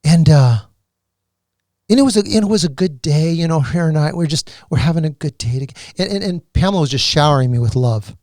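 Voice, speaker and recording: A man giving an emotional personal testimony as a podcast guest, earnest and halting, with many restarts. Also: a little high, animated, darkish tone, dry recording, studio quality.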